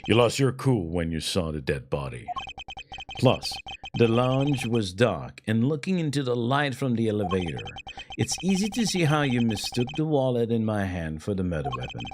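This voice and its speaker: A man voicing a composed, formal male prosecutor in a low, measured, precise tone while reading game dialogue. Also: very animated, background noise.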